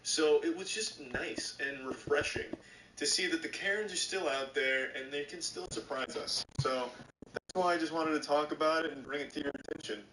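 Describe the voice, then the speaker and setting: Brief: male streamer, sarcastic and foul-mouthed, a touch high, distant in an echoey noisy room. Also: moderate pace, bright, forceful tone. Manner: sarcastic, swears often. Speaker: streamer reacting to videos. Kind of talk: casual profane commentary. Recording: roomy, distant, noisy mic.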